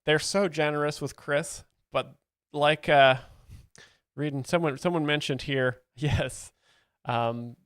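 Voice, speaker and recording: A man hosting a livestream chats and laughs while explaining a comedy clip he's reacting to. His medium-pitched, slightly bright voice is close-miked with no room sound.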